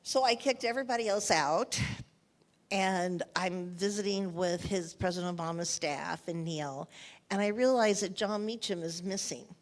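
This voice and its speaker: An older woman, an author being interviewed onstage, speaks at a moderate pace in a fairly low-pitched voice. She tells anecdotes emotionally and often repeats her phrases.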